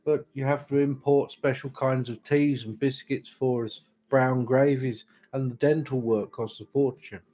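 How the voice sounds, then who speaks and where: A man's voice: mid-range voice, fairly even intonation, unhurried, few pauses, mellow. A British man hosting a live tarot-reading stream, chatting casually with dry, self-mocking humour. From Britain. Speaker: tarot reader host.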